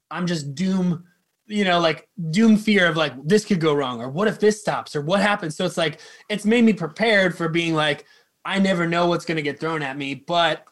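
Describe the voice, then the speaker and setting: A man's voice: on the high side, fairly bright tone. A man working as a drum tech, telling a story in a casual, rambling way, full of fillers and swearing.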